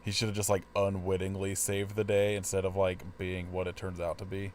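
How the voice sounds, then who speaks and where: A man's voice: low-pitched, completely flat delivery, fairly quick. A man co-hosting a podcast, chatting in a laid-back, joking way. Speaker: podcast co-host. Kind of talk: casual podcast chat.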